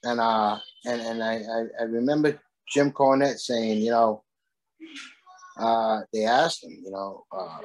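A man's voice: medium pitch, unhurried. A man telling a casual story, swearing freely and rambling with many restarts. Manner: profane, rambling, laughs while telling. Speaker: guest storyteller.

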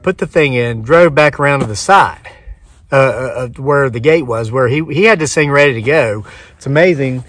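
A man's voice: medium pitch, no room sound, far from the mic. Man in his forties telling a story outdoors. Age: 40s. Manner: animated retelling, acting out both sides of dialogue. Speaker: homesteading vlogger. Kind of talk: casual storytelling to camera. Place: outdoors on a rural homestead.

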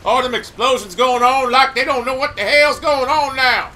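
A loud, hyper man giving boastful, trash-talking commentary over his gameplay. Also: extremely high pitch, normal speed, a little hiss or hum. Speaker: gamer.

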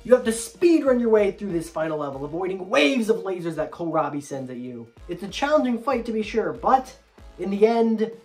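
A woman's voice: medium pitch, lively intonation, fairly quick, a little mellow, soft background music. A woman narrating a video game story recap in a scripted, playful style with sarcastic asides.

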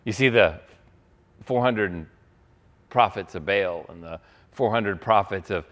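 A man, a pastor, preaching a sermon with animated storytelling, acting out quoted lines. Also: on the low side, slow.

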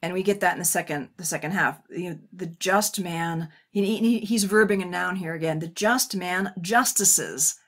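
A woman guest on a podcast, an editor of a poetry edition, explaining eagerly and quickly with frequent restarts. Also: fairly low pitch.

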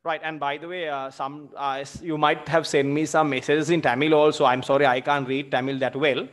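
A man teaching a literature lesson, halting with many fillers and checks. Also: on the high side, little pitch movement. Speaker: literature lecturer.

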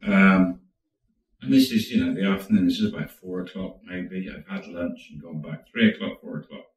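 Deep-voiced man telling a story. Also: moderate pace. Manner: chatty, animated retelling. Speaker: storyteller, channel host. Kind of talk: casual storytelling. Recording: roomy, distant mic.

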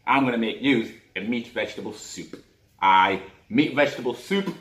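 A man's voice: mid-range voice, expressive, moderate pace, fairly bright tone, distant mic. A man from Africa with a Geordie accent, delivering an angry, profane comic rant. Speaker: comic vlogger. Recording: echoey room, off-mic.

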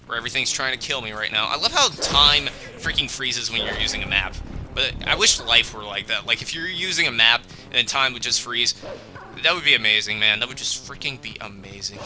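A man's voice: medium pitch, normal speed, sharp tone, faint music behind. A young man giving casual, joking game commentary, chatty and a bit grumbly.

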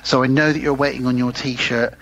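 A man's voice: medium pitch, little pitch movement, fairly quick, creaky, a bit bright, lo-fi sound, slight background noise. A British man co-hosting a casual podcast, chatting easily and reading a listener's email aloud. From United Kingdom. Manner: easygoing, chatty, laughs often. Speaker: podcast co-host.

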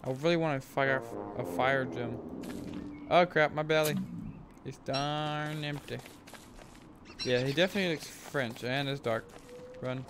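A man casually talking through his gameplay as a streamer, rambling and thinking aloud, with sudden excited whoops. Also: mid-range voice, measured pace, long pauses, noisy background. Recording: game music playing under the voice. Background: game music.

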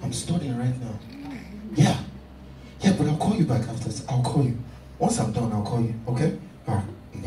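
A man acting in an amateur church drama, excitable, dropping to a hush and then rising loud. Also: medium pitch, moderate pace, pauses often. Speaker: churchgoer who lies on the phone. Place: church building, indoors. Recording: echoey, distant mic with clear background noise.

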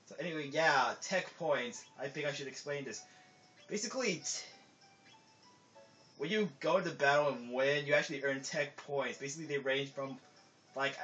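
A man's voice: mid-range voice, a bit bright. A man giving casual gameplay commentary, rambling, with lots of filler words, and often trailing off mid-sentence. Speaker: let's play commentator. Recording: dull lo-fi recording with game music under it.

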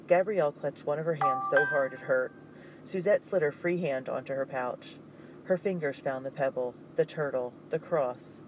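A man's voice: mid-range voice, darkish tone, a little hiss or hum, poor audio. Man reading a suspenseful story. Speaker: narrator. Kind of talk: audiobook narration.

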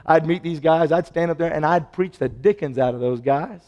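A man preaching a sermon, telling stories and acting out the dialogue, his voice swinging from loud to hushed. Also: a little high, normal speed, long reverb tail, lo-fi sound. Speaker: pastor. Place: church sanctuary.

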